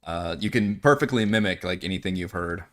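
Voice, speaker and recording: A man's voice: low-pitched, brisk, fairly bright tone. A man with a Texan accent, chatting and laughing often as the game master of a tabletop game. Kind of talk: casual out-of-game table chat.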